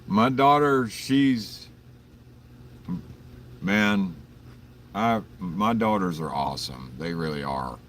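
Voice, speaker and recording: A very deep-voiced man chats through an early-morning livestream, rambling through stories with plenty of swearing and chuckles. He sits some distance from the mic, with faint vehicle noise in the background. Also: animated, slow pace, long pauses, fairly bright tone. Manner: rambling, profane storytelling with frequent chuckles; greets viewers in chat by name. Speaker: livestream host.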